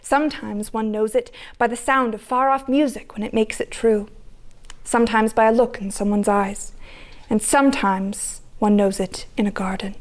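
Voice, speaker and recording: Storyteller, woman, high voice, lyrical read-aloud. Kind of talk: dramatic reading of a story.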